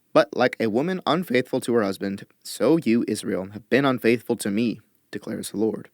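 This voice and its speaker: A man reading scripture aloud in a measured, expressive way, lifting his voice for quoted lines. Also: mid-range voice, no room sound, studio quality. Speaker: Bible reader.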